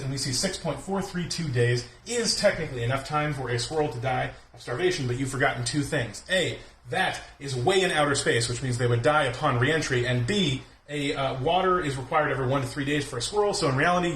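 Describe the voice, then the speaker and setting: A young man delivering a fast science explainer monologue to the camera, punchy and full of rhetorical questions. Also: mid-range voice, a bit bright, slight background noise.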